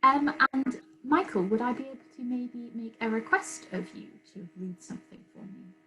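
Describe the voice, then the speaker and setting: Woman hosting a video call, polite, lots of ums, a bit high, faint music. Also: normal speed, rough recording. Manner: hesitant, polite. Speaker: host. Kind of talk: casual chat. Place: home via video call.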